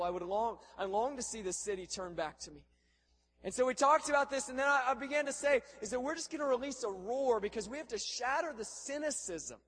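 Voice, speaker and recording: Fervent high-voiced male preacher. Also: in a large hall, a little hiss or hum. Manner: shouting, fervent, swings from loud to quiet. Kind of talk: sermon.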